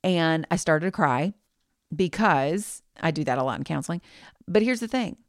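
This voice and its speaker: A woman's voice: sits low, animated, moderate pace, no room sound, studio quality. A woman hosting her own podcast, giving a candid, reassuring pep talk. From United States. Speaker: podcast host.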